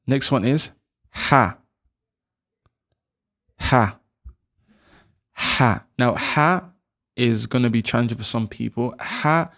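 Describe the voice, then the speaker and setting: A man giving a video lesson on letter sounds, patiently repeating each sound slowly for learners to copy. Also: mid-range voice, gravelly. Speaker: language teacher. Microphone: camera, close framing.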